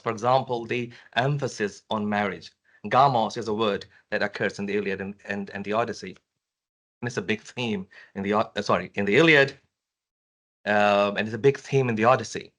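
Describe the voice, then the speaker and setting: This man, with a fairly low and slightly bright voice, answers a conference question in a university lecture room. He is hesitant, filling his reply with fillers and frequent restarts.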